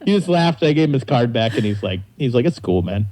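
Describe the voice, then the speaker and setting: A man's voice: medium pitch, quick pace, low-quality recording. A young adult man, a comedian guest, telling anecdotes in casual chat and acting out the other people's voices as he goes. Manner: animated, acts out voices in anecdotes.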